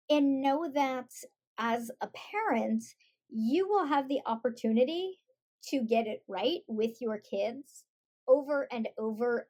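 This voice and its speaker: A middle-aged woman, a guest on a podcast, telling stories in a lively way and acting out the voices she quotes. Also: high voice. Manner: animated storytelling, acts out quoted voices. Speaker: guest, author and parent. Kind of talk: conversational podcast interview.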